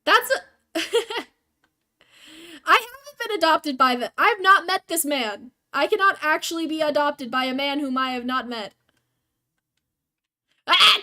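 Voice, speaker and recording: A woman's voice: high-pitched, sharp tone. A young woman streaming a video game, chatting casually with viewers in a rambling, self-deprecating way.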